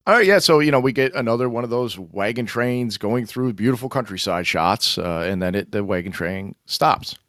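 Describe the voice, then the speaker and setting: A fairly low, animated male voice at normal speed with hardly any pauses and a fairly bright tone, recorded in studio quality with no room sound. He co-hosts a film podcast in casual chat, chuckling often and poking fun at himself as he reads aloud from a screenplay.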